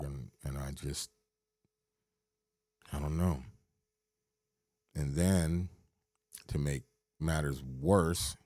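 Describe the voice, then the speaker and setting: A man's voice: deep voice, mellow, dry recording, clean studio sound. A middle-aged man hosting a podcast, swearing as he rambles through a personal story with many restarts. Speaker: podcast host.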